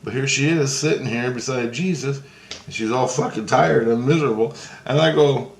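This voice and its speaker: A man's voice: medium pitch, a little fast, gravelly. A man casually recounting a dream in a rambling, profane way, with many restarts. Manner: rambling, profane, restarts and hand-gesture talk. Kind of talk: casual spoken storytelling. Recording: roomy echo, faint ambience.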